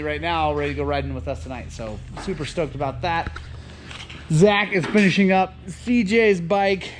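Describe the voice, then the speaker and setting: A man's voice: on the high side, slight background noise. Upbeat man vlogging from a motorcycle shop. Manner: upbeat, enthusiastic, many fillers. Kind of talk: casual vlog talk to camera.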